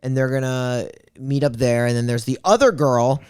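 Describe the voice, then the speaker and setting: A man co-hosting a casual podcast, rambling through a plot recap with frequent fillers. His voice is smooth and resonant. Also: medium pitch, steady tone, normal speed, darkish tone. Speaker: podcast co-host. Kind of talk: casual chat.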